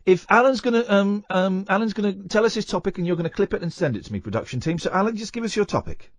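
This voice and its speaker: A man's voice: high voice, animated, no echo. A man hosting a radio show, chatting casually and teasing his co-host. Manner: playful, teasing, quick to joke.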